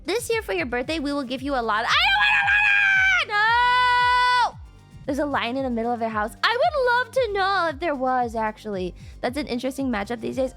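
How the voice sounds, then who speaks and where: A young woman streamer chatting casually with her viewers, playful and laughing often. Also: high-pitched. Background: music.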